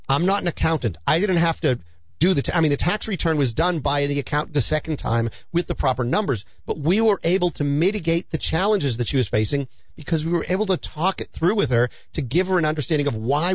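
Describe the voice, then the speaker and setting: A man's voice: fairly high pitch, no echo. A middle-aged man, a financial advisor hosting a show, giving earnest, persuasive money advice and telling client stories. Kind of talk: conversational advice talk.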